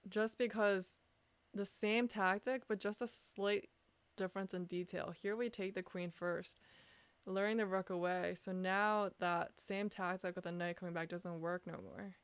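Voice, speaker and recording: Analyzing her own chess games, a woman streamer thinks aloud at a measured pace in a mid-range voice with fairly even intonation. She questions herself and pokes fun at her mistakes, and the tone is clean with no echo.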